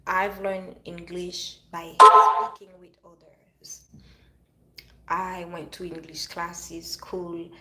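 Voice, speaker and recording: A woman's voice: lowish voice, little pitch movement, takes it slowly, pushed and bright, roomy sound, a little hiss or hum, rough recording. Earnest woman with a French accent. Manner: earnest, repeats and restarts phrases. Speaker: vlogger. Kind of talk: casual motivational monologue.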